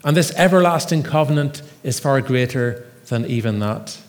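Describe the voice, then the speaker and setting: A man preaching a sermon in an earnest, measured way, with emphatic readings from Scripture. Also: mid-range voice, lively intonation. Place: church. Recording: long reverb of a church hall.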